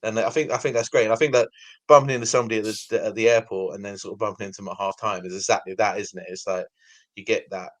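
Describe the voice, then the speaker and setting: A man's voice: on the low side, steady tone, very fast, no echo. A man in his thirties with an English accent hosting a casual interview, loose and full of "sort of" fillers. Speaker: podcast host, interviewer.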